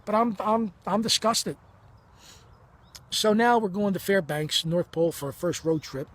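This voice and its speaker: A man's voice: sits high, measured pace, fairly bright tone. A man in his fifties telling a personal story in a heated, blunt and profane way, acting out the dialogue as he goes. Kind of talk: emotional first-person storytelling.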